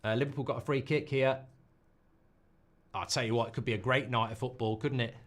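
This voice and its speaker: A man hosting a live football watchalong, reacting loudly to goals and swearing freely. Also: mid-range voice, fairly quick. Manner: excitable, swears, shouts at goals. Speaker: watchalong host.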